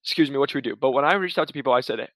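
A man's voice: mid-range voice, rapid-fire, a bit bright, no echo. A man giving casual career advice in a chatty, laid-back way, full of restarts and asides. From Arizona.

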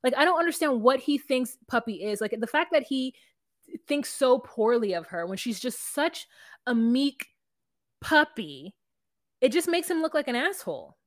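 A woman with a somewhat high voice talks through a reality show episode in loose, animated chat. Her sound is dry and close, with no room around it. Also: normal speed, no room sound. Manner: animated, acts out quotes of reality TV people. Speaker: podcast co-host. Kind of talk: casual recap chat.

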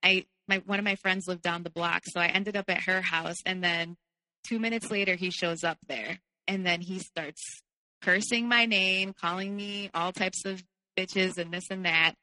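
A woman's voice: fairly low pitch, steady tone, moderate pace, sharp tone, long reverb tail, low-quality recording. A woman guest telling her personal story candidly, peppering her speech with "like". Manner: candid, heavy use of "like". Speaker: podcast guest.

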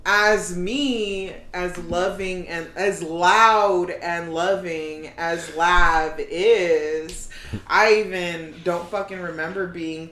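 A guest on a casual podcast, trading wry, drawn-out remarks that are full of swearing. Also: mid-range voice, fairly bright tone. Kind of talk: casual chat. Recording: echoey room with clear background noise.

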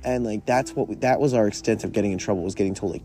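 A young man in his twenties with a lowish voice tells a personal story in a laid-back, rambling way. He swears freely and leans on fillers. Soft guitar music plays faintly behind him. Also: very fast. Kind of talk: casual storytelling.

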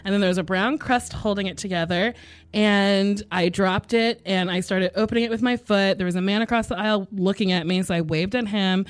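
A woman comedian answering rapid-fire questions, frank and animated, with playful asides. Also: medium pitch. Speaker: stand-up comedian.

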